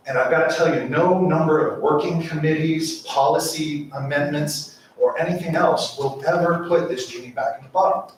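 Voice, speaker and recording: A man's voice: fairly high pitch, a little hiss or hum. A man giving an impassioned public comment at a city council meeting, asking rhetorical questions. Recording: echoey council chamber mic from far off.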